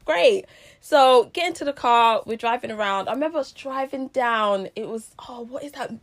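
A young woman chats casually, her voice sitting a little high. She tells the story animatedly, slipping into the voices of the people she quotes. She laughs often. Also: normal speed.

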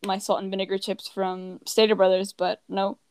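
A woman's voice: medium pitch, little pitch movement, normal speed, darkish tone, clean tone, dry recording. A teenage girl from the United States telling casual travel stories, rambling and leaning on "like" while acting out what people said. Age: teens. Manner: rambling, heavy use of "like", acts out quoted people. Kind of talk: casual chat.

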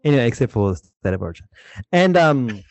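A man's voice: medium pitch, sing-song, fast, dry recording. A middle-aged Australian man hosting a casual podcast, rambling with restarts and laughing often. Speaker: podcast host.

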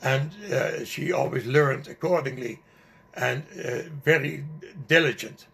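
An older man slowly recounting a personal memory in an interview, halting often with fillers and restarts. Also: medium pitch, vocal fry, a bit bright. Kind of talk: personal storytelling.

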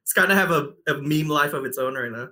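Bright-voiced Indonesian-born man on a podcast. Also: a little high, fast talker. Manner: laughs a lot, hesitant fillers. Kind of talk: casual podcast chat.

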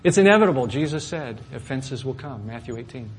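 A middle-aged male pastor telling a personal story in a sermon, swinging from loud, animated outbursts to soft asides. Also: medium pitch, fairly quick. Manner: animated storyteller, rising loud when acting out anger, dropping soft for asides.

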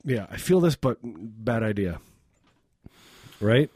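A man's voice: lowish voice, big pitch swings, slow, darkish tone, breathy edge, dry recording, clean studio sound. A man co-hosting a radio show, bantering loosely and joking at his own expense. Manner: self-mocking, jokey, mimics voices, frequent laughs.

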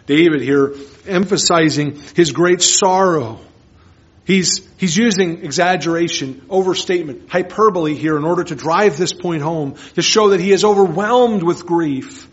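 A man preaching a sermon as pastor, earnest, moving between hushed and emphatic lines. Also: on the high side, moderate pace. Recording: dull lo-fi sermon recording.

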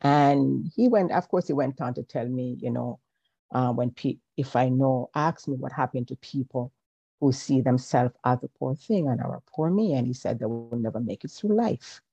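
Woman guest, mellow warm tone with some fry, pausing and thoughtful, dull recording. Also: extremely low pitch, no echo. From Jamaica. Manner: hesitant, pauses with um, faith-filled. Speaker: podcast guest, counselor. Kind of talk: reflective personal storytelling.

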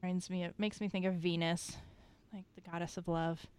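A woman co-hosting a podcast in casual chat, chatty and quick to laugh. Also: on the low side, level tone, a little mellow, clean tone, dry recording. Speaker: podcast co-host.

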